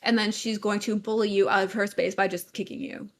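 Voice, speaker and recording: A woman's voice: mid-range voice, little pitch movement, brisk, slight background noise. Opinionated woman co-host, casual stream. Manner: opinionated, reads chat comments aloud. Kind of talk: casual livestream commentary.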